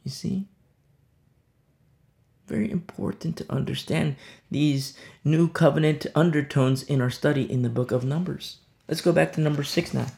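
A man's voice: fairly high pitch, normal speed, gravelly, darkish tone. A man pastor giving a conversational sermon, stressing points through repetition.

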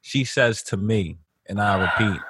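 A young man co-hosting a podcast, talking in a blunt, animated way full of street slang. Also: on the low side, unhurried, slightly rough, no room sound, studio quality. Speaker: podcast co-host. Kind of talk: casual podcast banter.

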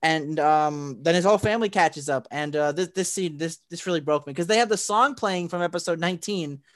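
Man, fairly high voice, rambling casual recap, fillers and restarts. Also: fairly quick. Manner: rambling, lots of fillers and restarts, acts out quotes. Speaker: co-host recapping an anime film. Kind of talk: casual chat.

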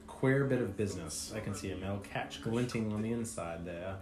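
Very low-voiced woman, wry chat. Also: fairly quick. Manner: wry, joking, many fillers. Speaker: co-host watching a show. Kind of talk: casual reaction chat. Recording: echoey room with music behind.

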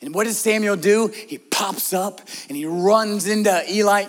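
High-voiced man preaching a lively sermon. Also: moderate pace, few pauses. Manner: conversational, asks the congregation direct questions; emphatic, shifts between loud stresses and soft, hushed prayer lines. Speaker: pastor.

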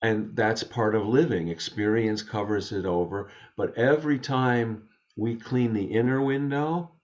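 A man talking in a gentle, thoughtful way, telling a story as a guest in a conversation from his home study. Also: fairly low pitch, a little slow, lo-fi sound. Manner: gentle, thoughtful, with frequent restarts. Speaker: interview guest.

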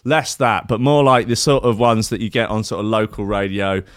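A man's voice: lowish voice, normal speed, clean tone, dry recording, studio quality. A man hosting a radio show, chatting casually between tracks with sardonic, sweary, rambling asides.

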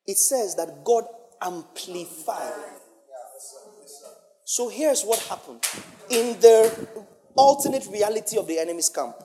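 Booming animated man preaching in a hall. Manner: animated, swinging between booming and hushed. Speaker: pastor. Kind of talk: sermon.

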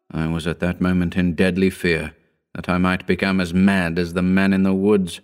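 A man narrating a horror story in a slow, grave, deliberate reading. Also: low voice, little pitch movement, smooth.

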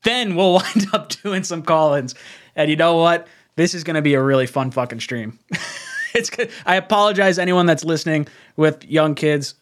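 A young man hosting a casual fan livestream, excitable, laughing often and reading chat messages aloud. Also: fairly high pitch, normal speed. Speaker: livestream host.

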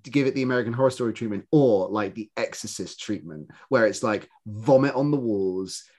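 A man co-hosting a podcast in casual chat, animated and rambling, with many restarts and fillers. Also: on the low side, fairly quick. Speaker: podcast co-host.

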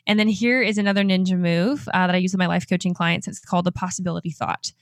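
A woman in her twenties hosting a motivational podcast, energetic and enthusiastic and quick to laugh. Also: fairly low pitch, dry recording, studio quality. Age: 20s. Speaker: podcast host and life coach. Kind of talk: upbeat motivational podcast talk.

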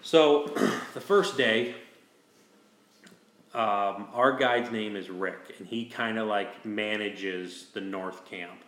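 Male host, low-leaning voice, easygoing rambling storyteller, recorded in a reverberant room. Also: slow pace, fairly bright tone. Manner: rambling, with many restarts and "you know". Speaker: host telling a hunting story. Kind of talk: casual storytelling chat.

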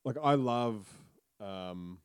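A man's voice: fairly low pitch, drawn-out words, clear, resonant tone, no echo. A man co-hosting a casual movie podcast, wry and rambling, with loose asides. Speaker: podcast co-host. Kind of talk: casual chat.

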